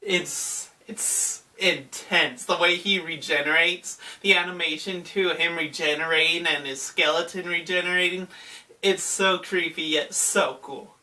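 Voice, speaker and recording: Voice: medium pitch, fairly even intonation, measured pace, bright, forceful tone, distant mic. An anime fan vlogger recapping an episode in casual, enthusiastic talk full of "like". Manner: enthusiastic, filler-heavy.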